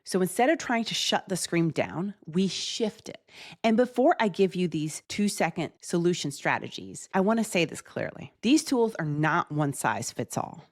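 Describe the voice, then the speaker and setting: Woman, 30s, parenting educator; calm and earnest, animated delivery, slightly low voice. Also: normal speed. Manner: calm, earnest, acts out child and parent phrases. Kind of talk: parenting advice talk to camera.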